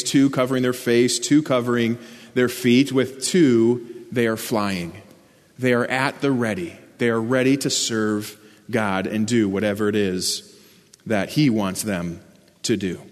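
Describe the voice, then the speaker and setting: A male preacher delivers an earnest sermon, explaining scripture and pressing key words with rising emphasis. His voice sits at an ordinary middle pitch. Long reverb trails behind him, as in a large hall. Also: steady tone, measured pace.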